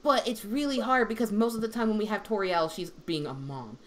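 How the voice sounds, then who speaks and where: A young woman with a naturally deep voice talks about her voice work in a loose, rambling way, stringing thoughts together with constant fillers. Her pitch sits in an ordinary middle range for a woman. Faint background noise hums under the livestream audio. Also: a little fast. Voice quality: deep female voice. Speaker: voice actor. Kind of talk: casual livestream chat.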